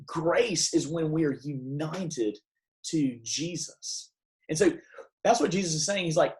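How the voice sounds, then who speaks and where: A man's voice: on the high side, very animated, moderate pace, rough recording. A young man giving a devotional sermon in a casual, emphatic way, with many restarts. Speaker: preacher.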